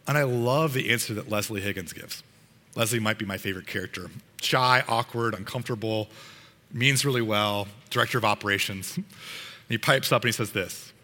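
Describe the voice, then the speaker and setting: A man's voice: fairly low pitch, fairly quick, pushed and bright, in a large hall. A man preaching a sermon to his congregation in an earnest, conversational way, sometimes restarting his sentences. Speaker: pastor.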